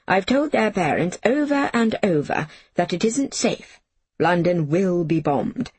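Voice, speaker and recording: A woman voicing a stern, brisk official lady who speaks crisply and commandingly in a storybook. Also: on the low side, lively intonation, darkish tone, no echo.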